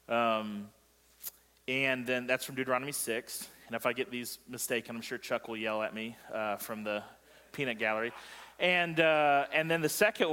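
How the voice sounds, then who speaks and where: A man's voice: medium pitch, pushed and bright. Joking male pastor in echoey hall. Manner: joking, asks the congregation questions. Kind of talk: sermon. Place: church sanctuary.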